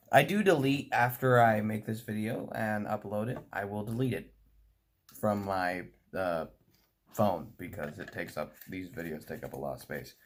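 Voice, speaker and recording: A man's voice: on the low side, a little hiss or hum. An American man chatting casually and rambling while servicing a model train, often laughing at his own remarks. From United States. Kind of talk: casual chat while working.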